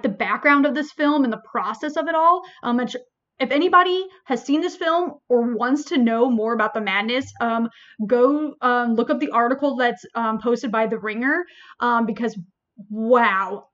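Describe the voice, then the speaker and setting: A woman librarian hosting a casual review chat, animated and full of fillers like "like" and "um". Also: on the high side, normal speed, highs cut off. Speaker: librarian podcast host.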